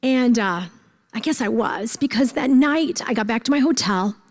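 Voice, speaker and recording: A woman's voice: fairly high pitch, expressive, moderate pace. A woman giving an earnest personal talk at a conference, repeating phrases for emphasis. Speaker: conference speaker. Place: large conference hall. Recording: echoey hall.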